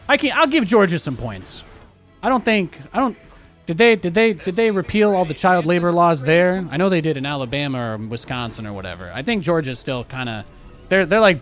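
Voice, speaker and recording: Sarcastic male game streamer. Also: mid-range voice. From New York City. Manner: sarcastic, ranting asides with swearing. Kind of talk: casual live-stream chat.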